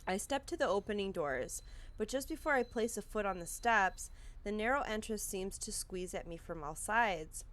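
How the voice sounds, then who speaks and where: A woman's voice: mid-range voice, lively intonation, moderate pace, a bit bright. A woman playing through a visual novel, reading the narration aloud and reacting anxiously, swearing casually. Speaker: game streamer.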